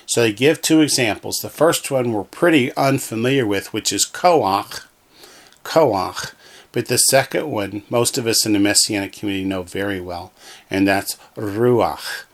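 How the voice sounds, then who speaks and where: A man's voice: fairly low pitch, fairly quick, hardly any pauses, a bit bright. A man teaching a recorded Hebrew lesson from a textbook, patiently repeating each word so learners can echo it. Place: alone in a room, talking to the wall.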